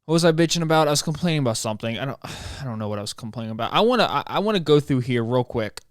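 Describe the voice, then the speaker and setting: A man's voice: medium pitch, expressive, rapid-fire, clean tone, no room sound, studio quality. A young American man hosting a solo podcast, rambling and mocking himself, stumbling over words as he talks. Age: young adult. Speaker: podcast host.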